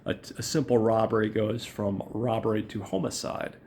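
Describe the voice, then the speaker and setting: A man's voice: on the low side, steady tone, normal speed, gravelly, darkish tone, slight background noise. A man hosting a casual show and recapping a film in a chatty, rambling, profane way. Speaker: podcast host.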